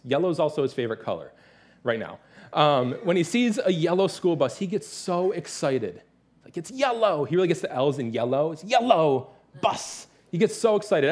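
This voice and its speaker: A man in his thirties preaching a sermon as pastor, telling stories with lively, animated delivery and playful imitations. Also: a little high. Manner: animated storytelling, mimics his toddler's excited voice.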